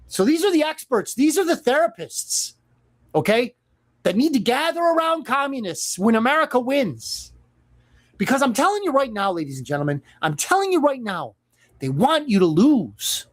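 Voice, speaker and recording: Speaking at a medium pitch, this radio talk show host gives an emphatic, sarcastic opinion monologue and mocks the people in the news along the way.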